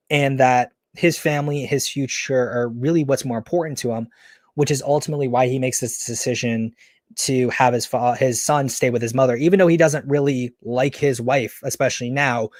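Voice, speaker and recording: A man hosting a podcast, casually retelling a story pitch in a rambling, enthusiastic way. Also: darkish tone, no echo, studio quality. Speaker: podcast host.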